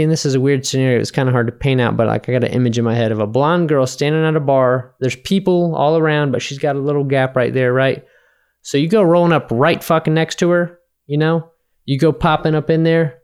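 Brief: male podcast host, smooth clear voice, loose swearing storyteller. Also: medium pitch. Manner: rambling, profane storyteller acting out bar dialogue. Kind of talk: casual drunken chat.

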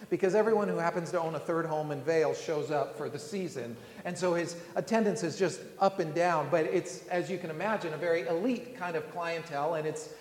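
A man telling stories in a sermon, rambling with frequent restarts and fillers. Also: a little high. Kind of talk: sermon storytelling. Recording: echoey hall with long reverb.

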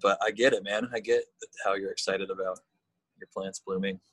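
Husky low-voiced laid-back man. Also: fairly even intonation, normal speed, fairly bright tone, no room sound. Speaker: podcast guest, musician. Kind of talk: casual chat.

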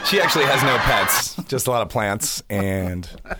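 A man guesting on a podcast, trading deadpan, self-mocking jokes in casual banter. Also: lowish voice, moderate pace, heavy background noise. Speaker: comedian guest. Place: podcast studio.

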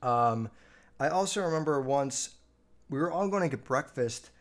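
A man's voice: medium pitch, expressive, moderate pace. A man hosting his own podcast, telling family stories in a loose, profane, filler-heavy way. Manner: swears constantly, lots of fillers. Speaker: podcast host. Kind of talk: casual storytelling.

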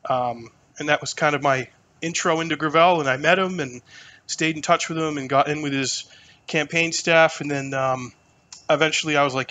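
A man in his thirties from New Hampshire, a podcast guest telling stories in casual, animated talk full of fillers and swearing. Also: on the high side, moderate pace. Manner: animated, profane, lots of fillers. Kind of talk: casual storytelling conversation.

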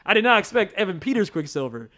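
A man in casual chat about a TV show, excitable, laughing often and acting out quotes. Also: high-pitched, quick pace.

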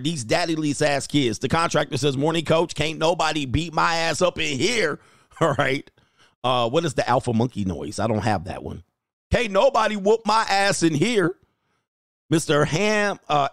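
Animated man hosting a livestream. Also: medium pitch, dry recording, clean studio sound. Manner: animated, laughing, swears freely. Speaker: livestream host reading chat. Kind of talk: casual livestream chat.

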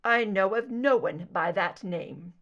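A woman reading fan fiction aloud, voicing an evasive man who gives formal, measured denials. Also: medium pitch, fairly bright tone, dull audio, lightly acted. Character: evasive older man, smooth liar.

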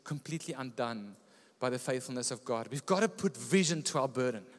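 A man preaching a sermon as pastor, telling stories with lively energy. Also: medium pitch, fairly quick, big-room sound. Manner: lively storytelling preacher, often laughing. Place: church.

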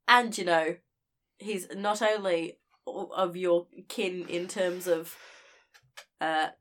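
A woman's voice: lowish voice, fairly even intonation, slow, a bit bright. Woman player, casual chatter, giggly. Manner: chatty, laughs often. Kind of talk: casual tabletop play.

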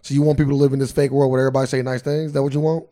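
A man's voice: mid-range voice, level tone, very fast, mellow. A young man co-hosting a podcast in casual chat, sarcastic and needling, mock-indignant. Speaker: podcast co-host.

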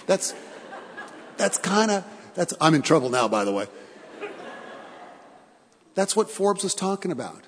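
A man's voice: high-pitched, very animated, a little slow, pauses often, big-room sound, slight background noise. A male pastor preaching a sermon in an earnest way, repeating phrases for emphasis and asking his congregation questions.

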